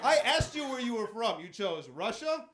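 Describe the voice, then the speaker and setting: A man's voice: very high-pitched, very animated, moderate pace. A man doing stand-up comedy in a club, teasing the audience with profane, riffing crowd work. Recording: live club recording with crowd. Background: audience laughter.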